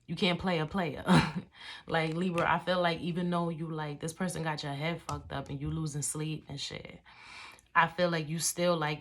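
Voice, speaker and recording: A woman with a deep, level, fairly bright voice gives a casual tarot reading with a little hiss or hum in the background. She curses and talks in slang, calls the listener baby, and chants the sign names slowly and drawn out.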